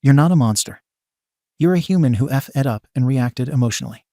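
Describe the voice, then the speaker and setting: A man narrating a story in an even, steady scripted read. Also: mid-range voice, a little fast, no room sound, clean studio sound.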